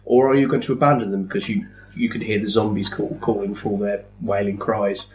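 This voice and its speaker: A man's voice: fairly low pitch, fairly even intonation, a little fast, a little mellow, muffled recording. Dry, teasing man. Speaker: podcast co-host. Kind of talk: casual chat among friends.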